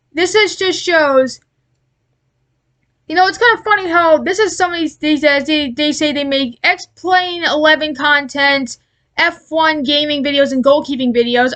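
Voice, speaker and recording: A woman giving an angry, profane commentary rant, exasperated and halting with many restarts. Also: sits high, pushed and bright. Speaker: aviation commentary YouTuber.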